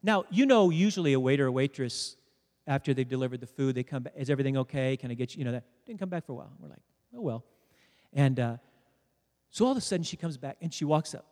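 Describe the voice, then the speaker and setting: A man's voice: mid-range voice, lively intonation, fast talker, darkish tone. A man preaching a sermon to a congregation, telling a story and joking with the crowd. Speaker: pastor. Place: church sanctuary. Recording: preached in a hall with long reverb.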